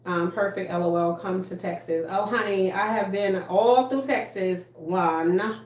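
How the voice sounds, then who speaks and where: A woman's voice: mid-range voice, a little slow, darkish tone. A woman in her thirties hosting a casual livestream, chatting bluntly with lots of cursing and reading viewer comments. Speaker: livestream host. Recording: echoey room.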